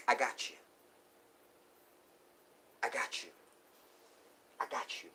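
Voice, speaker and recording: A man's voice: a little high, expressive, takes it slowly, noisy background. Preachy man talking to his viewers. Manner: preachy, addresses viewers as y'all; swings from loud outbursts to near whispers. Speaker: livestream host. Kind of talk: live streamed commentary.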